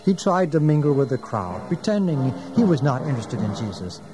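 A man narrating a religious story in a solemn, measured manner. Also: mid-range voice, sing-song. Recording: narration over music.

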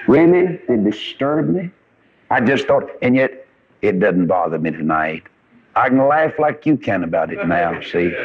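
A man's voice: mid-range voice, breathy edge, highs cut off. An older man preaching a sermon in a folksy storytelling manner, his voice rising and stressing words as he builds a point, on an old recording.

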